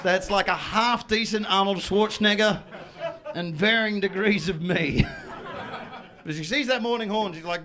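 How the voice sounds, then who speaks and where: A middle-aged man doing a stand-up comedy set, loud and profane, breaking into shouted high put-on voices. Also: moderate pace, a faint crowd.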